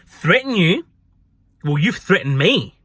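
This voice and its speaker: A woman's voice: lowish voice, very animated, takes it slowly, fairly bright tone, breathy edge, no echo, clean studio sound, full character voice. A man putting on a rude, scornful woman customer. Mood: sulky. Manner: scornful, complaining.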